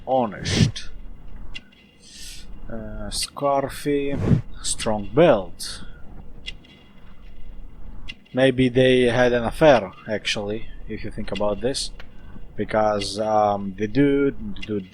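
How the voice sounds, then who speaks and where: Slow, rambling let's play man. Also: on the low side, darkish tone, a little hiss or hum, rough recording. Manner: rambling, playful asides. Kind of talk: gameplay commentary.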